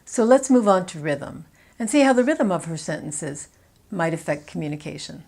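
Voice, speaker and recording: A woman with a Canadian accent, a pronunciation coach giving instructional commentary and modeling words slowly and clearly. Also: lowish voice, darkish tone. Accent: Canadian English.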